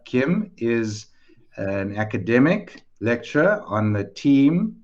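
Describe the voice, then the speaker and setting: A man's voice: medium pitch, very animated, slow, highs cut off. A man hosting an online information session, welcoming viewers and introducing the panel in a chatty, upbeat way over a video call. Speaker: webinar host, head of school.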